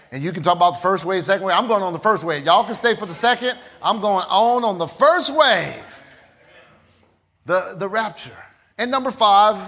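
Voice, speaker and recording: Emphatic preacher with a higher man's voice. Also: fairly bright tone. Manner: emphatic, repeats phrases, leads the congregation in call and response. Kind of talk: sermon.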